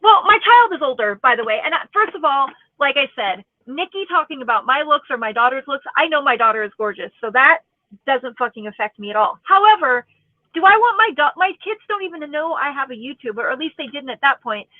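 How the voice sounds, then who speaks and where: High-voiced woman ranting and cussing, sarcastic, sounds like a phone line. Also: expressive, brisk, no echo. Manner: angry, profane, sarcastic. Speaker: YouTube commentator. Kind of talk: casual ranting commentary. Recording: tinny phone-like audio, dry.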